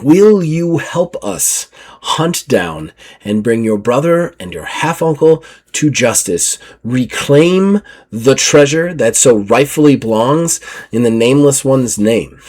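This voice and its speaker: A man voicing a stern, pious male officer and villain in a tabletop game, speaking low, slow and grave. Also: lively intonation, a little mellow.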